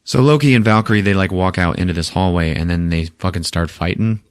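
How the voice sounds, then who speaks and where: A man's voice: sits low, a little fast, clear, resonant tone, no room sound, clean studio sound. A man hosting a podcast, recapping a movie in a casual, profane way with frequent laughter. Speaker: podcast host.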